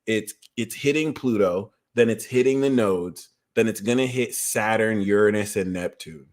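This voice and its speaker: A man's voice: on the low side, normal speed. A man giving a casual astrology reading, blunt and profane, who often acts out quoted voices. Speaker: astrology reader.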